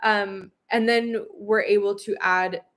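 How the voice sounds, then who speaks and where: A woman co-hosting a travel vlog, chatting casually in a relaxed, matter-of-fact way. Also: mid-range voice, takes it slowly. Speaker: vlog co-host. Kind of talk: casual chat.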